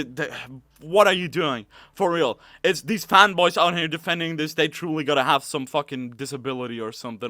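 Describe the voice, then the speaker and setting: A man delivering an angry, profane rant about a game, swinging from muttering to shouting. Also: high voice, no echo, clean studio sound. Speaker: gamer ranting about a game.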